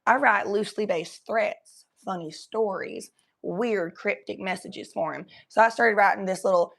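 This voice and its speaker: Young woman doing a fake southern accent on stream, high, crude and rambly, coughs a bit. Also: fairly bright tone. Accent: put-on Southern US drawl. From Cincinnati, Ohio. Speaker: livestreamer. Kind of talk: casual livestream chat.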